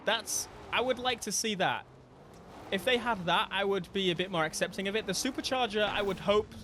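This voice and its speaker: A young man, giving animated, jokey live gameplay commentary as a streamer, with sudden bursts of mock outrage. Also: sits high, normal speed, a little hiss or hum. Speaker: gaming streamer.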